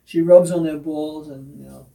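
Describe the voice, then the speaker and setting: A man's voice: a little high, fairly even intonation, normal speed, creaky, warm tone. A middle-aged man co-hosting a casual talk show, rambling and joking with many fillers. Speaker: co-host. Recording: voice from a distance off the mic.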